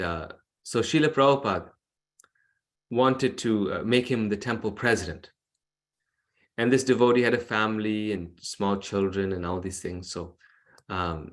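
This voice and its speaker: A man giving a devotional class over a video call, telling a story with earnest, animated delivery. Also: lowish voice.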